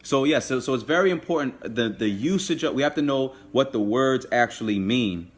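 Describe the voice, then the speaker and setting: A man teaching a live online language class, patiently repeating and drilling words slowly. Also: mid-range voice, animated.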